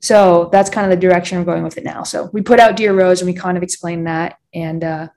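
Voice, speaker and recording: Gravelly young woman telling a story. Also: lowish voice, steady tone, fairly quick, darkish tone. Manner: heavy use of "like", quoting others in storytelling. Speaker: podcast guest. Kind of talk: casual chat.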